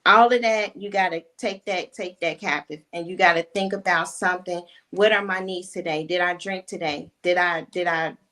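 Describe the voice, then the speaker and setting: A woman's voice: lowish voice, steady tone, normal speed, few pauses, bright, forceful tone. An earnest woman recounting her own experience during a casual group talk. She speaks reflectively and conversationally, asking herself questions aloud. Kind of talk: personal testimony in a casual discussion.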